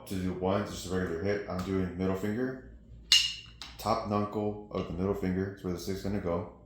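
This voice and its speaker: A man giving a snare drum lesson, explaining technique and counting out rhythms between demonstrations. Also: deep voice. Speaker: percussion teacher. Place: practice studio with drums. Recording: echoey room with loud noise.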